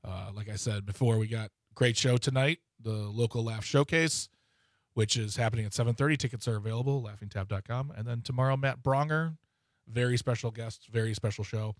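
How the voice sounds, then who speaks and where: A man's voice: mid-range voice, fairly quick, dry recording, clean studio sound. A man chatting casually as co-host, easygoing and rambling as he plugs upcoming shows. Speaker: co-host, comedy club worker. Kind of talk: casual chat.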